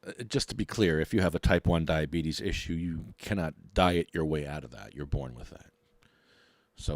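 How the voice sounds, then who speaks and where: A middle-aged man, hosting a podcast and ranting in a mocking, animated way. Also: very deep voice, normal speed, no echo, clean studio sound. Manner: animated, mocking, laughs often. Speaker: podcast host.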